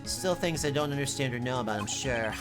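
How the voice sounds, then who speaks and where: A chatty woman livestreaming a story game, joking with her chat and mocking herself as she goes. Her voice is low yet swings widely in pitch. Game music plays underneath her. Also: lively intonation, fairly quick. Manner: chatty, self-deprecating, swears. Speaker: streamer. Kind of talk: casual gaming livestream, reading lines aloud.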